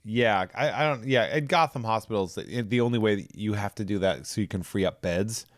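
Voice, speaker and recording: Here a man with a low, slightly deep voice retells a plot on a podcast, loose and jokey, swearing as he goes. The sound is close and dry, with no room around it. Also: a little fast, no echo. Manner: loose, joking, swears freely, acts out lines. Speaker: podcast co-host. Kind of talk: casual comic plot recap.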